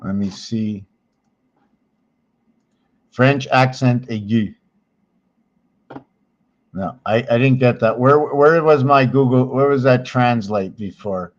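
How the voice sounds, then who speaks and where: A man hosting his own channel, talking viewers through his screen slowly as he searches for things, rambling and correcting himself along the way. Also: medium pitch, muffled recording. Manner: slow, rambling, searching aloud with many pauses and self-corrections. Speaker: channel host teaching on screen. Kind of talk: thinking-aloud screen walkthrough.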